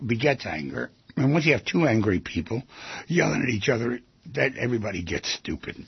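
A man giving an animated talk, acting out quoted lines with large swings in pitch, with a husky voice. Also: no room sound. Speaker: speaker on relationships. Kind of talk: lively talk. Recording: dry, dull lo-fi sound.

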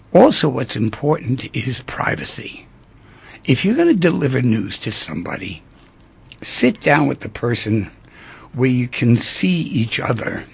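A man hosting a talk show, speaking emphatically and telling stories with animated energy. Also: medium pitch, gravelly, breathy edge. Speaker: radio talk show host.

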